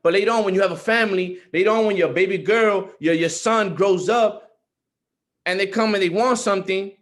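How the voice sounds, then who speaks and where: A young man talks briskly in a high-pitched, fairly bright voice during a group call. His motivational speech is sincere and repetitive, growing more forceful as it goes.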